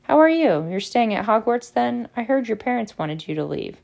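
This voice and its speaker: A woman's voice: a little high, sing-song, normal speed, gravelly, darkish tone, voice pushed up. A woman voicing a plain-spoken, blunt teenage boy wizard.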